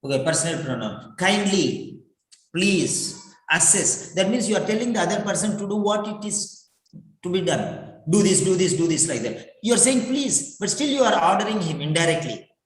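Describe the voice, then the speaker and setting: A man's voice: sits high, very animated, fairly quick. A man teaching English writing for exams in an emphatic, repetitive lecture full of rhetorical questions. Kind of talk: classroom-style lecture. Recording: echoey room.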